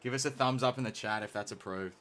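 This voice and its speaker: A man's voice: mid-range voice, fast, fairly bright tone. A man hosting a live painting stream, joking and teasing in casual chat. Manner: playful, teasing, self-mocking. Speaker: stream host painting miniatures. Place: hobby shop office.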